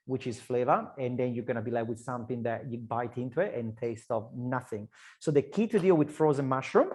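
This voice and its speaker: A man's voice: medium pitch, darkish tone. A man with an Italian accent, a chef chatting his way through an online cooking class, loose and talkative with frequent restarts. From Italy. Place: kitchen.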